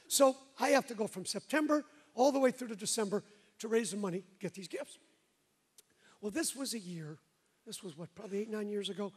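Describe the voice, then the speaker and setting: A pastor with a high, husky voice preaches to his congregation in church. He tells his story casually and pokes fun at himself, breaking off now and then to ask the crowd whether they follow him. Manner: conversational, self-mocking, addresses the congregation directly. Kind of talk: storytelling sermon.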